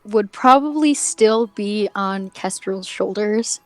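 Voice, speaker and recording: A woman's voice: medium pitch, slow pace, no room sound, faint music behind. A woman playing a tabletop game, describing her character's actions in a hesitant way with many fillers and giggles. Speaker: player.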